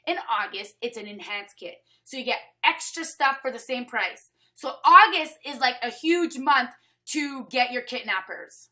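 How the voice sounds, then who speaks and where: A woman's voice: high-pitched, animated, normal speed, sharp tone. A Canadian woman hosting a casual online sales training over webcam, chatty and upbeat, reading names from the chat as she talks.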